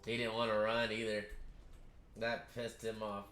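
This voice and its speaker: A man reacting casually to an anime episode, swearing freely and breaking into excited outbursts at the screen. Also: fairly low pitch, a little slow. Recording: roomy echo.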